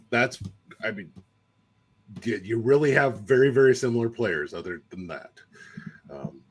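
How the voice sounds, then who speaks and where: A man co-hosting a sports podcast, talkative in casual analysis, often hedging and restarting his sentences. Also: mid-range voice. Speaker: podcast co-host.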